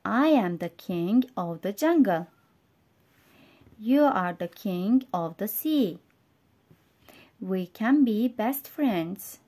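A woman with a Turkish accent voicing a boastful male lion who calls himself king of the jungle, read slowly and carefully like a storybook. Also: medium pitch, animated, mellow. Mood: friendly. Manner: slow, careful storybook reading.

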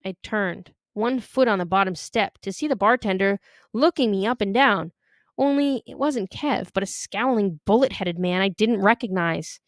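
A woman reading a novel aloud in an expressive, careful way. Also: medium pitch, normal speed, no echo, clean studio sound. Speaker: reader.

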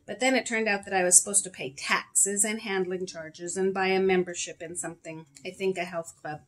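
A woman's voice: mid-range voice, fairly even intonation, brisk, fairly bright tone, lightly acted. A woman reading aloud as a wary, suspicious mother answering a phone call. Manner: suspicious, sarcastic.

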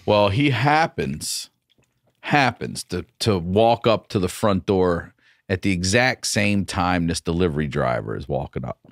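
A comedian from Baltimore tells stories on a podcast and acts out the people in them. His voice sits low but jumps around a lot in pitch. The sound is close and dry, with no room echo. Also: animated, a little slow. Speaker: comedian guest. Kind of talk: casual comedic storytelling.

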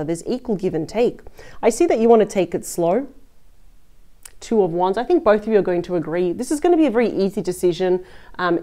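Female tarot reader, warm mellow voice, casual rambling delivery to camera. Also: mid-range voice. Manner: chatty, thinking aloud, trailing into asides.

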